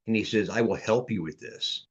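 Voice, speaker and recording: Podcast guest, man, mid-pitched, casual and rambling, repeats and restarts, on a video call. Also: normal speed, husky, highs cut off. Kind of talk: casual storytelling chat.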